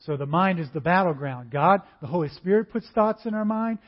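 A man preaching a sermon, conversational and animated, acting out little dialogues in different voices. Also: sits high, a little fast. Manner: acts out dialogues in varied voices. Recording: dull lo-fi recording.

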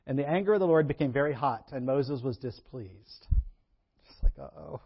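A man's voice: mid-range voice, muffled recording. A man preaching a sermon in a conversational way, acting out Bible characters and laughing between points. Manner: conversational, acts out Bible characters with lively shifts.

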